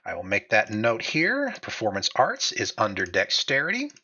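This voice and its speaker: A man running a tabletop game as game master on a live stream, goofy and animated, laughing often, on a slightly dull mic. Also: lowish voice, normal speed, slightly rough.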